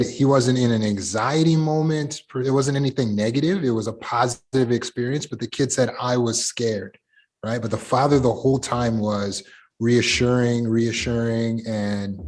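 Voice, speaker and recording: Over a video call, a middle-aged coach runs a support group discussion, animatedly explaining examples. He has a medium-pitched voice.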